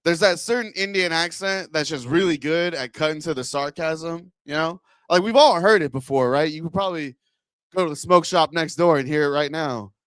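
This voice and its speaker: A male stand-up comic working the crowd on a handheld mic, his fairly high voice smooth and clear. He rambles through bits and keeps breaking into laughs at his own lines. The sound is close and dry. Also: normal speed, fairly bright tone, no echo. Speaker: stand-up comedian. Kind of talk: stand-up set with crowd work. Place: comedy club stage.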